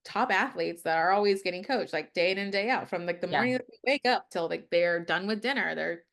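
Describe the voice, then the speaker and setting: A woman's voice: lowish voice, fairly quick, gravelly, fairly bright tone. A young adult woman, an interview guest who works in people leadership, speaks casually and fills her talk with "like.". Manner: talkative, leans on "like" as a filler.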